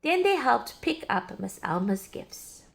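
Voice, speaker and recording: A woman reading a children's story aloud in an expressive, sing-song way. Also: fairly high pitch, unhurried, gravelly. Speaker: storybook reader.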